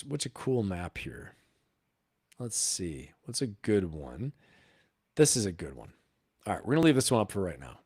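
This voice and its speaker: A man hosting a casual live stream, talking straight to his viewers, animated and full of rhetorical questions. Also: medium pitch, no echo, clean studio sound.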